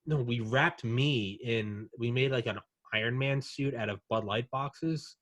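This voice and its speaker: A man's voice: medium pitch, unhurried, fairly bright tone, no echo. A young man hosting a casual podcast chat, rambling and swearing as he spins a story. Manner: rambling, profane, acts out drunk aliens in quotes. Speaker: podcast host.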